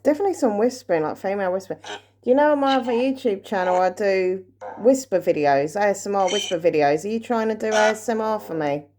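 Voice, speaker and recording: A woman vlogging a paranormal session at home, talking quietly and nervously as she calls out questions to spirits. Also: medium pitch, fast talker, slight background noise. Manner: hushed, nervous, asking questions into the dark. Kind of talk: ghost-hunting session vlog.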